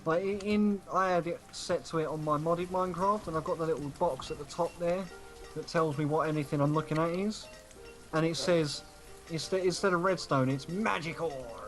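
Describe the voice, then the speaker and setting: A man's voice: fairly high pitch, a little fast, fairly bright tone, faint music behind. A man casually chatting with friends while livestreaming a game, swearing freely and laughing at his own jokes. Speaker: streamer host. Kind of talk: casual gaming chat.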